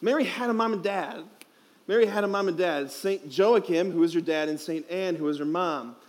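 A man's voice: high-pitched, moderate pace. A young man, a priest, giving a playful, emphatic homily at a youth conference, asking the crowd questions, speaking into a headset mic.

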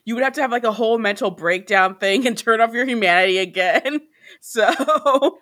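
A woman co-hosting a podcast, joining the recap with animated asides and jokes in casual chat. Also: a little high, normal speed. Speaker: podcast co-host.

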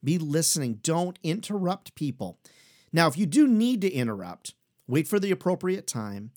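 A man giving an energetic sales training talk, emphatic and direct, acting out short exchanges with clients. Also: a little high. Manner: energetic, emphatic, role-plays clients in quick asides.

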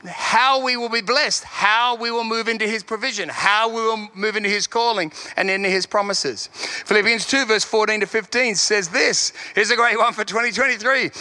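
A man preaching a sermon in a lively way, repeating his key lines and chuckling between points. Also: high-pitched.

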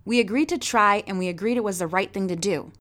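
A woman's voice: medium pitch, lively intonation, fairly quick, close to an everyday voice. A woman voicing an eager, hot-tempered young girl in a storybook reading. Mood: angry.

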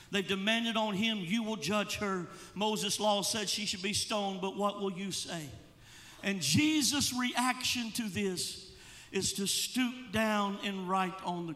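A male evangelist preaching a sermon, impassioned, rising into shouts and sung, chanted phrases. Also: high voice, big-room sound. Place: church sanctuary.

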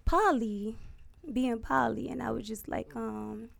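A woman telling a story in casual, profane chat, animated and laughing, acting out what people said. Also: fairly high pitch, a little slow, creaky. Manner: animated, profane, laughs often, acts out quotes.

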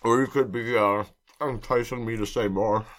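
A man's voice: medium pitch, fairly even intonation, normal speed, fairly bright tone. A young man co-hosting a casual food podcast, rambling with lots of fillers while he eats. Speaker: podcast co-host. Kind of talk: casual chat while eating.

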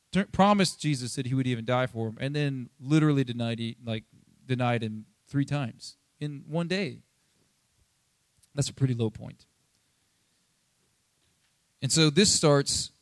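A pastor giving a casual, conversational sermon, chatty and animated, acting out Bible scenes in quick asides. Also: male voice, medium pitch, no room sound, clean studio sound. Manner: chatty, animated, acts out Bible quotes, many fillers.

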